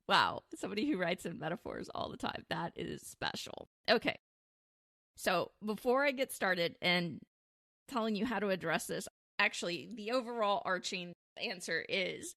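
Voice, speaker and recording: A woman hosts a dating advice show in a loose, chatty monologue. She laughs often at her own jokes and keeps a playful, amused tone. Her voice sits at an ordinary pitch in a dry, close recording. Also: animated, moderate pace, vocal fry, a bit bright, no echo. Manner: giggly, laughs often while talking; playful, self-amused humor. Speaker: dating advice podcast host.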